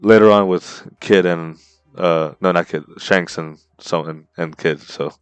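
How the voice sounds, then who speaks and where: A man co-hosting a podcast, recapping a story in an excited, slangy way and calling his co-host bro and dude. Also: deep voice, a little slow, clean tone, no room sound. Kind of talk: casual chat.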